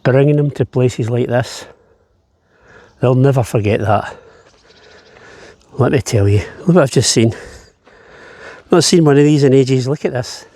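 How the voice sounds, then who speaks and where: A Scottish travel vlogger walks an island path outdoors, chatting in a mellow, medium-pitched voice at a measured pace with frequent pauses. There's no echo, and he's slightly out of breath on the climb, keeping things easygoing and jokey.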